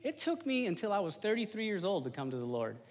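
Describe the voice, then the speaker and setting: A man in his thirties preaches in a loose, animated, slangy way, often talking straight to his congregation. His voice sits fairly high for a man. It carries a long reverb from a church hall. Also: fast. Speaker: lay preacher giving a testimony. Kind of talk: informal sermon.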